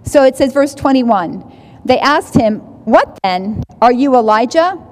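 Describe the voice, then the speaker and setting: A woman leads a Bible study, reading verses and explaining them in a loose, conversational way, often circling back and checking in with her listeners. Her voice sits a little high, and a long reverb trails after her words as if she is in a large room. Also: expressive, unhurried. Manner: conversational, restarts phrases, asks "right?". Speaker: Bible teacher.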